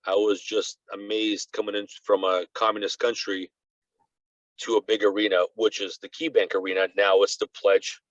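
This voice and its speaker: A low-voiced man from Russia, whose first language is Russian, talks as a podcast guest. He tells his stories in an animated, rambling way, dropping "you know" into nearly every thought. The recording sounds dry and a little dull and lo-fi. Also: moderate pace, no echo. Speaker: guest reporter. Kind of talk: casual conversational storytelling.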